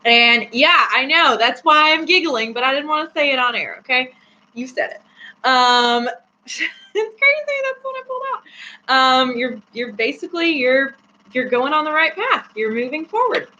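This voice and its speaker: This host of a relaxed tarot live stream has a high voice with a bright, forceful tone, speaking at a moderate pace. She chats and giggles, leaning on many fillers. A faint hum runs under the slightly dull recording.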